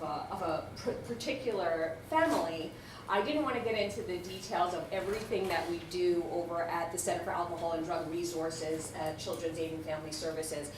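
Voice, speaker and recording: A woman directing a family services program, giving an earnest, halting speech at a community event that builds to emphatic appeals. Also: fairly low pitch, a little hiss or hum. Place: large echoey event hall. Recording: echoey hall voice picked up from far off.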